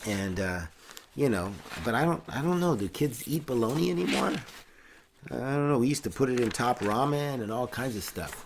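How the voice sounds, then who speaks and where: A man's voice: mid-range voice, lively intonation, normal speed, creaky, a little hiss or hum. A middle-aged man hosting a casual chat, rambling with many fillers and restarts. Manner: rambling, warm-hearted, breaks into singing. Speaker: host.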